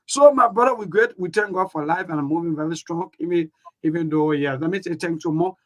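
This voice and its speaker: A man co-hosting a casual talk show, rambling and animated, often calling others brother. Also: fairly high pitch, quick pace.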